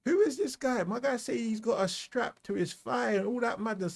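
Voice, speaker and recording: A man's voice: extremely high pitch, moderate pace, gravelly. A British man giving casual, slangy commentary as he reacts to a music track, often asking "you know what I mean". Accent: British English.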